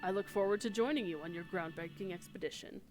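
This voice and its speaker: A man's voice: sits high, fast talker, over music, lightly acted. An actor voices an eccentric young male scholar in a game cutscene. His speech is formal and theatrical, delivered with grand flourish. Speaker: scholar observer.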